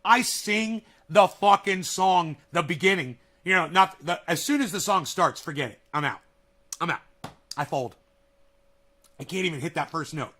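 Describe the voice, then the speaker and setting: Guy rambling to camera at home, high-ish voice, swears a lot, all fired up. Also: normal speed. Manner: animated, profane, excitable storytelling. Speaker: vlogger. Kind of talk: casual rambling monologue. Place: at home, near a kitchen.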